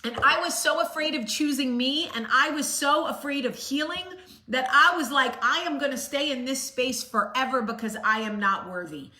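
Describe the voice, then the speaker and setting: A woman's voice: high voice, normal speed, pushed and bright. A woman host giving a blunt, sassy motivational talk straight to the camera. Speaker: vlog host. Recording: roomy echo.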